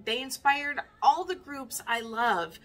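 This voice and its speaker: A woman's voice: high voice, lively intonation, takes it slowly, a bit bright, soft background music. A woman in her fifties, a record collector chatting casually in a vinyl tag video, wry and self-mocking. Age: 50s.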